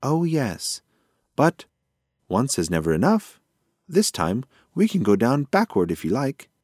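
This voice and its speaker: A man's voice: mid-range voice, wildly swooping pitch, a little slow, darkish tone, no echo, clean studio sound, voice pushed up. A man voicing a playful, evasive older male mouse uncle with a cheerful, whimsical manner.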